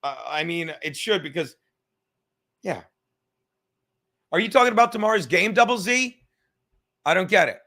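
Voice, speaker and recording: A man's voice: high-pitched, animated, moderate pace, pauses often, bright, forceful tone. A man hosting a livestream podcast in a casual, rambling, profane way, reading chat comments aloud as he goes. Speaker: podcast host.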